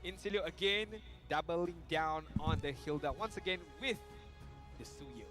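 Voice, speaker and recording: A young man casting an esports match in a relaxed stream style, earnestly walking through stats and picks. His voice sits a little high. Game music plays clearly in the background. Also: normal speed. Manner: earnest, explanatory, quotes stats. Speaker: esports shoutcaster. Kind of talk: casual live-stream commentary.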